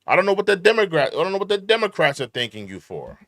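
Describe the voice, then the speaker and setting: A man's voice: sits high, very animated, quick pace, a bit bright, dry recording. A man with a slightly raised voice, ranting through political reaction commentary. He circles back to the same complaints in short, heckling bursts, repeating himself as he goes.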